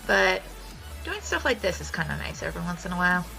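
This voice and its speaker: A young woman streamer talks casually while she draws, with a lively, swooping delivery and a gravelly edge of vocal fry. Her voice is bright, and she swears freely and laughs her way through animated stories. Faint music plays behind her. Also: lowish voice, quick pace, low-quality recording. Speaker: art streamer.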